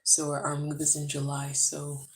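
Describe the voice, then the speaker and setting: A tired woman vlogging from home, chatting to the camera in a hushed, low voice so she does not wake a sleeping baby. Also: completely flat delivery, normal speed, slight background noise, rough recording. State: tired from being awake too long. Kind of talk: casual chat to camera. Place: home, indoors. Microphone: camera close up.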